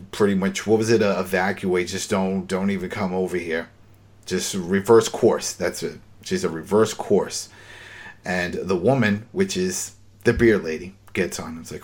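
Male host, husky low voice, lively casual recap storyteller. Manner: animated storyteller, acts out dialogue. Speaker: podcast host recapping a TV episode.

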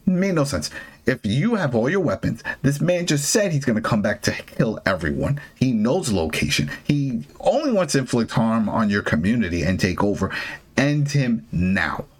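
A man's voice: mid-range voice, very animated, moderate pace, husky. A man hosting a casual TV recap, ranting with exasperation and frequent restarts. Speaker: TV show recap host. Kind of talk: casual opinionated recap chat.

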